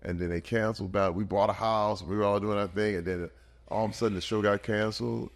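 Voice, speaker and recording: A man in his fifties, a podcast guest, telling stories in an emphatic, animated way in casual conversation. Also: on the low side, quick pace. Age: 50s.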